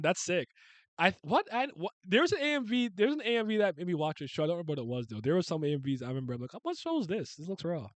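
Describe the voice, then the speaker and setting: A man chatting casually on a stream, rambling in slangy talk with quick asides and chuckles. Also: medium pitch, no echo.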